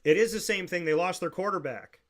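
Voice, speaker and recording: A man's voice: sits high, brisk. A man co-hosting a sports talk show, insistently repeating his point in a heated debate.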